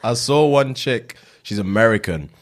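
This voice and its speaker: A man co-hosting a podcast, chatting in a relaxed, self-deprecating way. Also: medium pitch, moderate pace. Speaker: podcast co-host. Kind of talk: casual chat.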